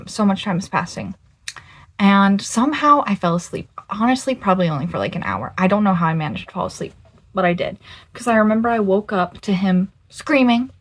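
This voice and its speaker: Exasperated young woman telling a story. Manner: animated, exasperated storytelling with sudden pitch jumps. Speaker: vlogger. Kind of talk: casual storytime vlog.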